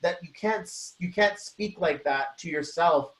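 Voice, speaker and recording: A man giving an energetic motivational talk as a co-host, often acting out the voices of the people he quotes. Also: a little high, a little slow. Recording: roomy echo.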